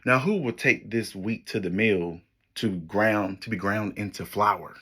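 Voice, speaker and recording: A man's voice: on the low side, a little slow, a bit bright, slightly rough. A man voicing a hardworking little female red hen while reading a picture book aloud to children, in an earnest storybook tone. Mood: asking.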